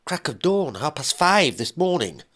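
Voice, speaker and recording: A man with a deep voice voicing a panicking businessman ex-husband, putting on a gaspy, raspy, strained voice that sounds frantic and breathless in a spoken story. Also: sing-song, unhurried, fairly bright tone, full character voice. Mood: panicked.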